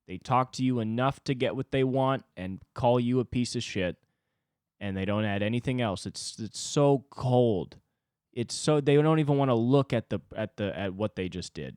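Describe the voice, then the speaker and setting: A young man hosts a solo confessional podcast, ranting through a frustrated story full of profanity and reflecting on his own anger. His voice is lowish and smooth, recorded at studio quality with no room sound.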